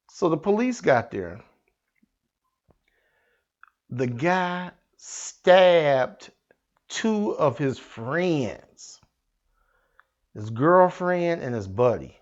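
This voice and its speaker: A man hosts a satirical news segment, spinning it as a dramatic, slangy rant. He talks slowly and his pitch swoops up and down. The lo-fi recording sounds dull. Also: big pitch swings. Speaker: host of a satirical news show.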